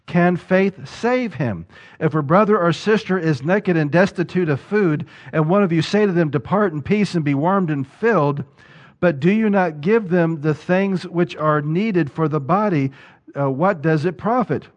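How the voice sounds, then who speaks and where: A male pastor preaches to his congregation with a voice pitched a little high. He presses his points with rhetorical questions and repeated words. The recording sounds dull and lo-fi. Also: measured pace. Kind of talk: sermon.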